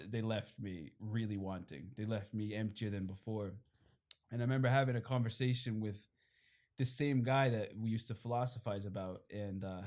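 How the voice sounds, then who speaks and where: A man's voice: on the low side, a little mellow. A young man, a priest, telling his own story in a rambling, candid way full of fillers and short laughs. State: briefly tearful. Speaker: priest giving his testimony. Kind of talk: personal testimony at a fireside talk.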